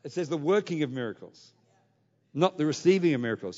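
A man preaching a sermon, telling a story in an animated way before building to an exhortation. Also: fairly high pitch, a little fast. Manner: animated, anecdotal, rising to exhortation. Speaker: pastor. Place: large church hall. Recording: dull, echoey hall recording.

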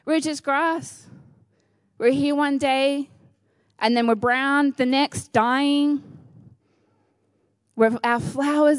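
A woman's voice: sits high, unhurried, long pauses, no room sound. A woman preaching a sermon, earnest and conversational with playful asides.

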